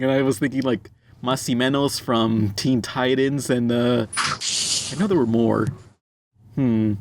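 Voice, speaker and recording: A man hosts a casual group podcast, talking at an ordinary mid pitch. He rambles, restarts his sentences and swears freely as he goes. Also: normal speed, a little hiss or hum. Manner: profane, rambling, frequent fillers and restarts.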